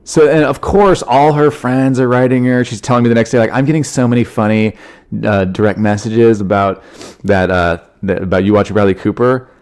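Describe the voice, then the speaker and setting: A man with a cold, sniffling as he tells rambling, animated stories on his solo podcast. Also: medium pitch, brisk, clear, resonant tone. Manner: animated, rambling, frequent fillers. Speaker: podcast host, comedian. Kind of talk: casual solo podcast storytelling.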